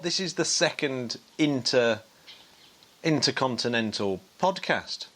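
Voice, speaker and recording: A man co-hosting a podcast in casual chat, jokey and quick to laugh. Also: mid-range voice, expressive, a bit bright. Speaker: podcast co-host.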